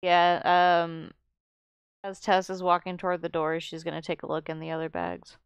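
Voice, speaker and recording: Smooth-voiced woman player in a game. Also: lowish voice, fairly even intonation, normal speed, no room sound, highs cut off. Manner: describes her character's actions in third person. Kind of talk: playing a character in a tabletop game.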